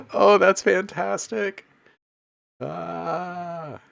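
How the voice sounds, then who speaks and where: Here the host's voice is high-pitched and a bit bright, with vocal fry running through it. He's a music producer streaming live in a relaxed way, bantering with viewers, voicing their chat messages, and laughing frequently.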